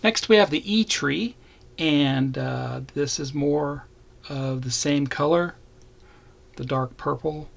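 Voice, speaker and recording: A man with a gravelly, creaky voice talks through a model kit review in a casual, unhurried way. He points out each part as he goes and names what is on each tree. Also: on the high side. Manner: plain, unhurried, points out parts as he shows them. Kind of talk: casual unboxing narration.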